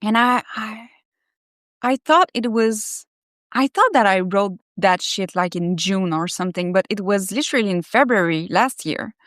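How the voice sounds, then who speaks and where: A woman's voice: medium pitch, moderate pace, dry recording, studio quality. Candid, swearing woman on a live stream. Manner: candid, profanity-laced, self-reflective; animated and effusive. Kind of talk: reading her own article aloud and commenting live.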